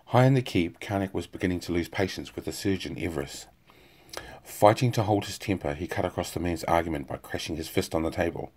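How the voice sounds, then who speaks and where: Casting: male audiobook narrator, deep voice, steady delivery. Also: a little fast. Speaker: audiobook reader. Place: home.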